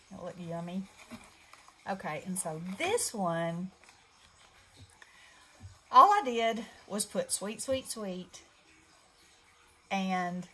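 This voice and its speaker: A woman's voice: mid-range voice, rough recording. Chatty woman showing crafts. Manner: chatty, warm-hearted, rambling with fillers. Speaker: craft channel host. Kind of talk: casual craft show-and-tell.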